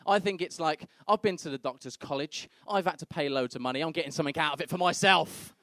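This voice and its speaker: This young comedian speaks fast in a slightly high, fairly bright voice, captured in a dry recording with clean studio sound. Onstage at a comedy club, he brashly spins crude stories and impersonates their characters.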